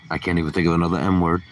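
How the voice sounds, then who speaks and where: A man's voice: deep voice, recorded from a distance, slight background noise. A man hosting a casual livestream, ranting sarcastically and swearing as he rambles. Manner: sarcastic, profane rambling rant. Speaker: livestream host.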